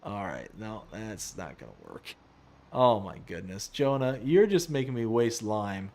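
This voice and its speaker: A man live-streams a farming game, chatting casually with viewers, laughing often, and animatedly answering their messages. His voice is on the low side and a little slow, with slight background noise.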